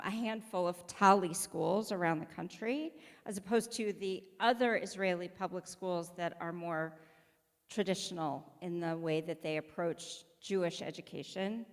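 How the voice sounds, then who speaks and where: A woman's voice: medium pitch, clean tone. A woman rabbi giving a sermon as personal storytelling, conversational, acting out the voices of people she quotes. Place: synagogue sanctuary. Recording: long reverb of a large hall.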